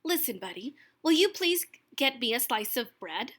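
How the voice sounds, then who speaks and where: A woman's voice: high-pitched, very animated, moderate pace, a bit bright, exaggerated voice. A woman reading aloud and voicing a polite, insistent bunny mother.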